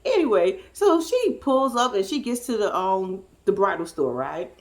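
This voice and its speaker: A woman hosting a casual recap commentary, talking in an animated, profane way and laughing often. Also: mid-range voice, normal speed. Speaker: host.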